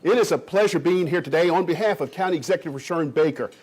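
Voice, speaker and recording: A man's voice: fairly high pitch, fast talker, a little mellow, husky. A man in his fifties from Kentucky, giving an enthusiastic, joking speech to a room of realtors as a county economic development official. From Kentucky, USA. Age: 50s. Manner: enthusiastic, jokey storyteller who riffs off the crowd. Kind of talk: energetic speech to a live audience.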